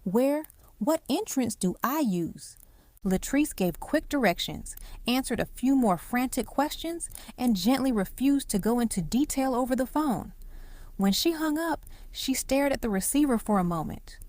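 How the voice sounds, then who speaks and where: A woman's voice: high voice, expressive, moderate pace, a little mellow, no room sound. A woman narrating a hospital drama story, voicing each character's lines herself.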